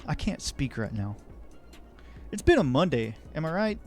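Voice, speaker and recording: A man's voice: a little high, big pitch swings, normal speed, a little mellow, soft background music. A man giving rambling, jokey, self-deprecating commentary while playing a city-building game. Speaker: let's play host. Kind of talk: casual gameplay commentary.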